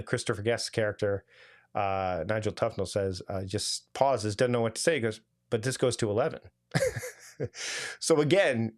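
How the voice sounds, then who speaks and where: A man of medium pitch leads a live online workshop as a productivity coach. He talks in a casual, animated way, piling on asides and restarting his sentences. It sounds like a video call.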